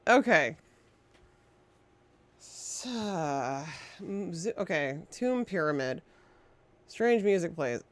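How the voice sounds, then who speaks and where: A woman's voice: on the low side, animated, very slow, pauses often. A woman live-streaming a puzzle game, chatting casually, swearing freely and thanking her viewers as she plays. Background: game music.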